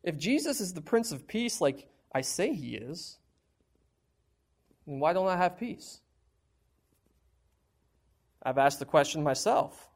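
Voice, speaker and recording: A male preacher with a fairly high voice delivers a sermon to his congregation. He talks in a conversational, emphatic way, asking rhetorical questions and sharing personal struggles openly. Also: lively intonation, slow, gravelly, long pauses.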